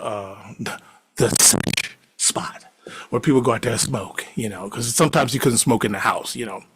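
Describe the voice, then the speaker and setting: A middle-aged man telling a story casually, animated, laughing often and swearing freely. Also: mid-range voice.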